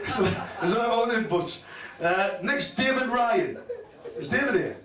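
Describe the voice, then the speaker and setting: A man's voice: extremely high pitch, expressive, measured pace. A man hosting a club awards night, cracking crude, swear-laden jokes and laughing through them. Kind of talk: crude roasting banter. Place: club function room with an audience. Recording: echoey room, voice far from the mic. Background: loud crowd laughter.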